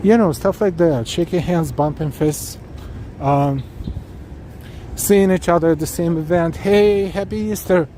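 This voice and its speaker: Out on a city street at evening, this man streams a walking tour live, chatting earnestly to viewers and reading the chat aloud. He speaks a little slowly with long pauses in a mellow, somewhat high voice, recorded on a handheld camera rig with faint traffic in the background.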